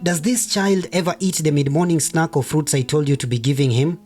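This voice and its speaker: A man reading as a young mother and doctor, tense and quick to snap at her husband. She speaks with a lifted, anxious pitch, and soft guitar plays faintly behind the storybook reading. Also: lightly acted. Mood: worried.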